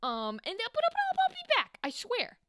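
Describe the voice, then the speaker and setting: A woman voicing a nervous, stammering male nobleman in a comic retelling, squeaky and high. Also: huge pitch swings, normal speed, a bit bright, no room sound, studio quality, full character voice. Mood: panicky.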